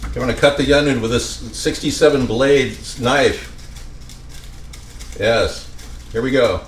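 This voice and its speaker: A man's voice: mid-range voice, unhurried, recorded from a distance, slight background noise. Rambling jokey man in a roomy kitchen. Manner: rambling, jokey, talks to viewers while cooking. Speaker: home cooking vlogger. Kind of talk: rambling comedic cooking vlog. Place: home kitchen. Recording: roomy, off-mic with faint ambience.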